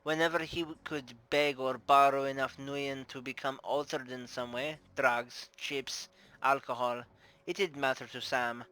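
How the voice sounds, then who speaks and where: For a tabletop game character, a man speaks as a gracious middle-aged brothel madam, shrewd and playful, with formal, teasing grace and an affected Russian accent. His mid-range voice stays steady and sharp at a measured pace, on a rough recording.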